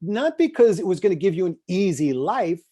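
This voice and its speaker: Animated middle-aged coach on a call. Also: male voice, high-pitched, a little fast. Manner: animated storytelling, shifting between loud bursts and hushed asides. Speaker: success coach and speaker. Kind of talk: motivational talk on a video call. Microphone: video call.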